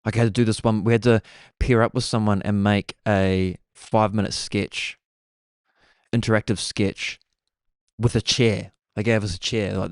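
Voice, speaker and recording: A young man with a New Zealand accent, hosting a podcast and telling stories in an excitable, casual way. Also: fairly low pitch, normal speed, smooth, dry recording, studio quality. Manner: excitable, says "bro" constantly. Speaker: podcast host. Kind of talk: casual storytelling chat.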